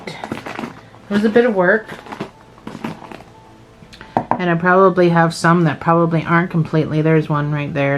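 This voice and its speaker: A Scottish woman explaining crochet steps in a relaxed, chatty way, thinking aloud and joking at her own expense. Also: sits low, low-quality recording. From Scotland. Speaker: crochet teacher. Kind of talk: casual step-by-step craft tutorial.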